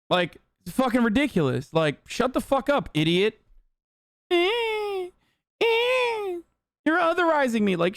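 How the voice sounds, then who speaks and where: A man's voice: sits high, dry recording. A young man streamer ranting heatedly and profanely in live-stream commentary, reading posts and mocking them.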